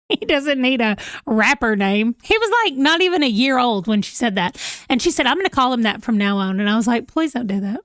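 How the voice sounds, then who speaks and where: A woman's voice: on the high side, animated, fairly quick, a bit bright, smooth, no echo, studio quality. Chatty, giggly woman streaming. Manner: chatty and giggly, reacting to viewer comments. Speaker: livestream host. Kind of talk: casual livestream chat reading comments. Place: home room, holding a pet.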